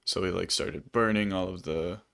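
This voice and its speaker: A man talks through a film on a casual podcast, meandering and full of fillers. His voice sits low and easygoing. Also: normal speed, creaky, fairly bright tone. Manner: rambling, many fillers. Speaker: podcast co-host. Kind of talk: casual movie review chat.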